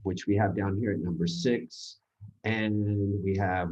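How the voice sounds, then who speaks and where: A man teaching a grammar seminar, explaining with halting, rambling sentences full of restarts and fillers. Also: on the low side, expressive, dull audio. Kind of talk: recorded grammar seminar lecture.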